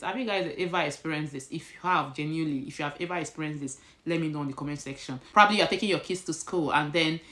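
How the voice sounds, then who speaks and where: A woman's voice: lowish voice, fairly bright tone. A woman with a Nigerian accent chatting casually to camera at home, slipping in Pidgin phrases. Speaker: vlogger. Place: indoors at home.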